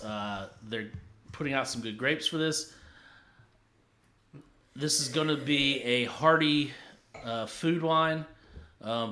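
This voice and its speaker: A man co-hosts a relaxed drinks review chat. His voice is bright and forceful, and he talks in a loose, halting way, full of fillers. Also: mid-range voice. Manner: relaxed, hesitant with many fillers. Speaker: podcast co-host reviewing drinks. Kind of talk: casual chat.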